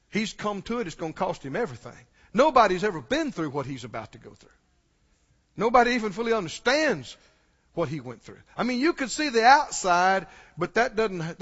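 A man's voice: sits high, a bit bright. A man preaching a sermon with passion, asking his listeners questions and rising to exclamations. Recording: dull lo-fi sound with long hall reverb.

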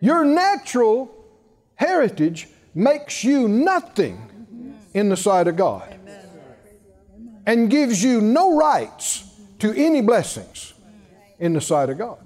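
With a high, energetic voice swooping up and down to stress his words, a male preacher gives a sermon at a slow, deliberate pace. He urges the congregation to call back to him and breaks in now and then with chuckling asides.

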